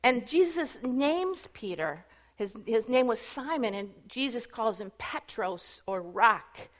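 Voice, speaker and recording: A woman retelling Bible stories in a casual, chatty sermon, animated and full of fillers. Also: fairly high pitch, slow. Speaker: Bible teacher.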